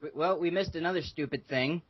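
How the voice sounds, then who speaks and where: A man's voice: a little high, a little fast. Wisecracking man recapping on a podcast. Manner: joking recap of storylines. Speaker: podcast co-host. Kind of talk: casual chat. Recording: dull, dry lo-fi audio.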